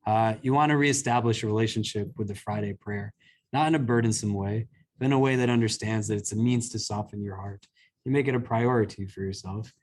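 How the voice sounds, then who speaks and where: A man's voice: fairly low pitch, fairly quick, a little mellow. A man, an imam, giving an informal religious talk to a live group in a conversational, earnest way with lots of filler words. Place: community center hall.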